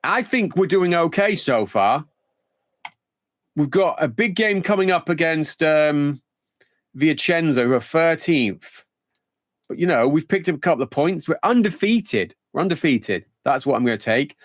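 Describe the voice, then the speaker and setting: A man's voice: on the high side, animated, a little slow, no echo, studio quality. Chatty man musing over his game. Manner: rambling, thinking aloud, chatty. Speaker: game streamer. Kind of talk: casual live-stream commentary.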